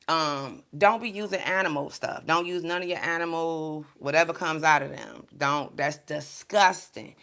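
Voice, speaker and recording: This woman's voice sits fairly low in pitch and has a fairly bright tone. She is a spiritual card reader and vlogger, chatting candidly and emphatically in a casual storytelling vlog as she recounts a spiritual story, dropping in preachy asides.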